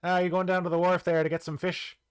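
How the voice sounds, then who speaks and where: A man voicing a boisterous Newfoundland fisherman, with a broad Newfoundland accent and a loud, folksy delivery. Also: sits high, little pitch movement, fast, clean tone, no room sound, pitched above the performer's own voice, lightly acted. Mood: hearty.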